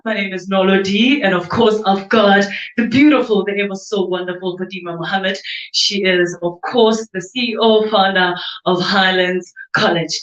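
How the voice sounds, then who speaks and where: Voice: medium pitch, a bit bright. An upbeat host running a live seminar in a chatty, conversational way and posing questions to the guest. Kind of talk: live event hosting. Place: seminar venue. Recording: echoey room, dull sound.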